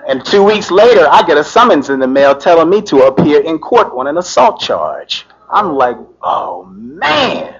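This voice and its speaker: A middle-aged man, a lawyer, telling a personal story in an animated way, filling his talk with "you know" and laughing as he goes. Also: a little high, moderate pace, few pauses, husky. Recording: dull lo-fi recording.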